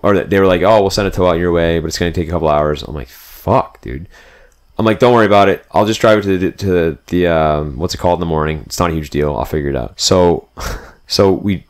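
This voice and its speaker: A young man telling a road trip story in casual, rambling podcast chat, full of "like" and "dude". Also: low voice. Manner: rambling, animated, fillers like "like" and "dude".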